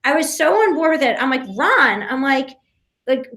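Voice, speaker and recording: A woman guest on a podcast, telling a story in an animated way, with many restarts and acted-out quotes. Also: high-pitched, echoey room. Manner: talks fast with many restarts and fillers, acts out quotes. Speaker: podcast guest, reality show contestant.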